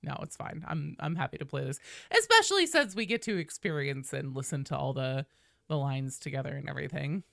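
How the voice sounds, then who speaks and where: A woman's voice: sits low, lively intonation, fairly quick, gravelly, fairly bright tone, dry recording, clean studio sound. A woman streaming a game and chatting loosely with her viewers, swearing often. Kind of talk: casual live-stream chat.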